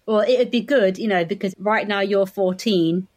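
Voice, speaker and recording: A woman's voice: mid-range voice, moderate pace. A woman in her forties, an optometrist guest on a podcast, chatting and laughing as she tells stories. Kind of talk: podcast conversation.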